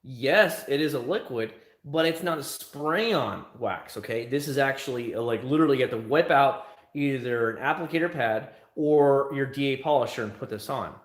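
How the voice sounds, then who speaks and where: A man hosting a casual livestream, talking freely and answering viewers' questions in an animated way, outdoors by his van. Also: medium pitch, moderate pace, few pauses, roomy sound. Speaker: livestream host.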